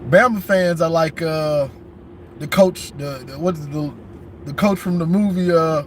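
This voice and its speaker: A man's voice: high voice, a little slow. A man, talking sports in a casual, emphatic way. He often repeats and restarts phrases while he drives. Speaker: sports vlogger. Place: in a car while driving. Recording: road noise from a moving car.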